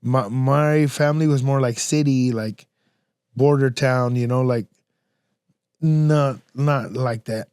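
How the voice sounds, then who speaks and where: A young man from Southern California, hosting a podcast and telling animated, slang-heavy stories in casual chat. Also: mid-range voice, takes it slowly, clean tone, no room sound, studio quality. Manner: animated slang-heavy storyteller, acts out quotes. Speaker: podcast host.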